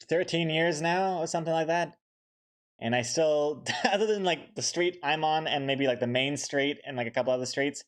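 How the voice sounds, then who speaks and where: A man streaming while he draws a comic, chatting casually with viewers in quick, rambling, self-deprecating bursts full of fillers. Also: a little high, a bit bright. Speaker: comic artist streaming his drawing. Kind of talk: casual live-stream chat while drawing.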